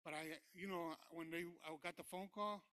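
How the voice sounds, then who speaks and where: A man preaching his personal testimony in church, talking informally with many fillers and moving between quiet recollection and loud preaching. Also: fairly high pitch, fairly even intonation, normal speed, no echo. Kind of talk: sermon testimony.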